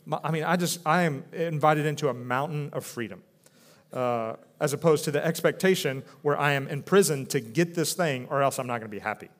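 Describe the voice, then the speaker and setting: A man's voice: on the high side, a little fast. A man in his thirties, a pastor, preaching in an earnest, conversational way with many restarts. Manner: earnest, conversational, with frequent restarts and a soft drop for quoted speech. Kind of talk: sermon.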